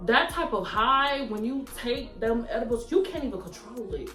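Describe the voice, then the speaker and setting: A young woman hosting a vlog, telling her story in a relaxed, laid-back casual chat. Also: a little high, moderate pace. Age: young adult. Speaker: vlog host. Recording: roomy echo, faint music.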